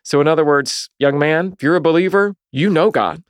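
A man's voice: a little high, fairly quick, clear, resonant tone, no room sound, clean studio sound. A man in his thirties hosting a Christian podcast, teaching young listeners in an earnest, conversational preaching style, often asking "right?" and acting out quoted dialogue. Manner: acts out dialogue in short quoted voices. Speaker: podcast host.

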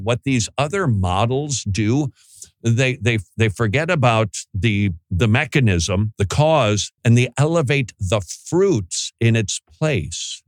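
Male preacher, mid pitch, emphatic and rhetorical, dry close sound. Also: no echo. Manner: emphatic, rhetorical questions, acts out voices. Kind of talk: sermon.

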